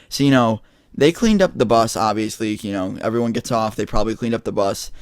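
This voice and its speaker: A teenage boy telling a story in a casual vlog, rambling and excitable, full of fillers and swearing. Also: medium pitch, fairly quick, no room sound, studio quality. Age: teens. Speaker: vlogger.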